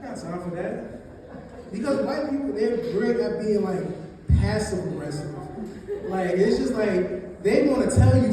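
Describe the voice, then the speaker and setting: A man's voice: high voice, a little slow. A young man doing a stand-up comedy set, telling loose, rambling stories full of fillers. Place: comedy show room. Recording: echoey live room taken from a distance, noisy. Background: audience laughter.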